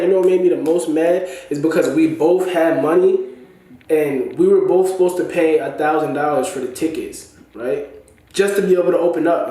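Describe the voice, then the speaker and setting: Male storyteller from Massachusetts, animated and slangy, slightly high voice, booming room echo. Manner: animated, slangy, repeats "you know what I'm saying". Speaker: storyteller recounting a falling-out. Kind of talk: casual spoken storytelling. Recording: very echoey room.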